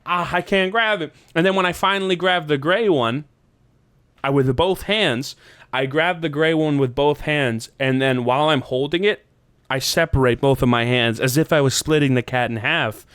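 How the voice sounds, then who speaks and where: Dude on a podcast telling a wild dream, smooth clear voice, dry close sound, cussing and laughing a lot. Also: male voice, normal speed, a bit bright, no room sound. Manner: rambling, profane, laughs often, jumps up in pitch for quoted lines. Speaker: podcast host. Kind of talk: casual chat, telling a dream story.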